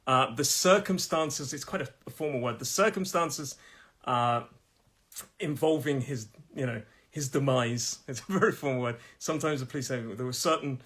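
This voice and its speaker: A man teaching English pronunciation on a live stream, friendly and chatty, laughing often and repeating words slowly for learners to copy. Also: mid-range voice, fairly bright tone, breathy edge.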